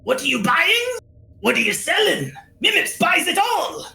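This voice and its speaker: Woman as a tiny hustling underground trader, bright and sharp, speaks of himself by name; game-table character voice. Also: very high-pitched, big pitch swings, normal speed, creaky, echoey room, pitched above the performer's own voice, heavily acted. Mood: pushy. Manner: broken grammar, talks of himself by name. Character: small scrappy male underground merchant, pushy.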